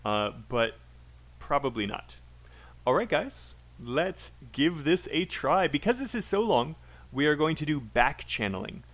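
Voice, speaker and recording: A man with a British accent leads a livestreamed pronunciation lesson, chatty and encouraging. He says sentences out loud, breaks them into short pieces and repeats each one so learners can follow the stress and rhythm. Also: fairly high pitch, very animated. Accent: British English. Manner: drills phrases by repeating them slowly for learners. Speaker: English speaking teacher.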